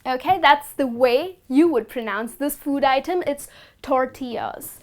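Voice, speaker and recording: A woman teaching the correct pronunciation of food words, speaking slowly and deliberately and repeating each word with care. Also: high voice. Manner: instructive, slow and deliberate, repeats words carefully. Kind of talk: scripted lesson to camera.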